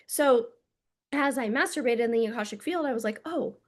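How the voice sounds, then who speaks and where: A woman's voice: a little high, fairly quick. A woman speaking as a spiritual coach in a casual monologue to camera, blunt and intimate, swearing freely and calling her listeners "my loves".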